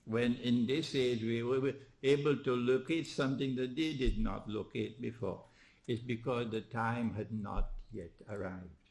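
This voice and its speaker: A man delivers a religious lecture in a mid-range voice. He leans on rhetorical questions and little prods of "huh?", chuckling at his own points. His delivery swings from emphatic peaks to low, quiet stretches. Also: a little slow. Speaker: Islamic lecturer.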